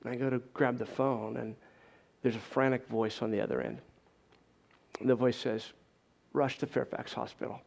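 A man's voice: medium pitch, steady tone, normal speed, creaky, long pauses, a little mellow. A middle-aged man telling an audience an emotional personal testimony, earnest and urgent. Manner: earnest, urgent, intense retelling. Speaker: speaker giving a personal testimony.

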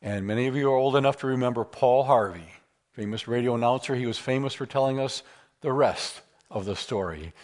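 A man giving a lecture with slides at a seminar, animated and telling humorous stories. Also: medium pitch, a little fast. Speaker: speaker at a seminar.

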